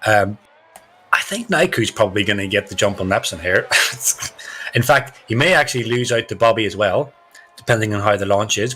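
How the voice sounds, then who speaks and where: Guy calling a sim race live, chatty, voice jumps all over, bit raspy. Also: medium pitch. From Ireland. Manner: excitable, chatty, joking. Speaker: race commentator. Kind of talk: live esports race commentary.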